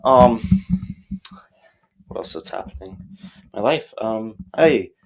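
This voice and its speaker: Low-voiced young man rambling. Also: expressive, slow, gravelly, poor audio. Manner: rambling, hesitant, full of ums. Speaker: vlogger. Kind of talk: comedic vlog sketch.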